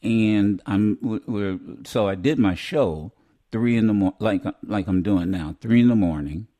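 A man's voice: on the low side, measured pace, dark tone. A man hosting a radio show, chatting casually and rambling with many restarts. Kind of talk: casual on-air chat.

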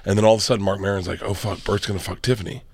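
A man with a lowish voice tells rowdy stories on a podcast, laughing as he goes. The sound is dry and close to the mic. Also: racing, breathy edge, no echo. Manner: loud storyteller, laughs while talking. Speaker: guest comedian. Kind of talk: casual podcast banter.

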